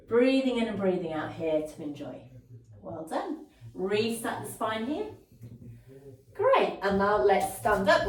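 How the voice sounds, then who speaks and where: A woman's voice: mid-range voice, darkish tone. A woman Pilates instructor guiding a ball workout, cueing each breath and movement with encouraging praise, sometimes a little out of breath. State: slightly out of breath at times. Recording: roomy echo, mic at a distance.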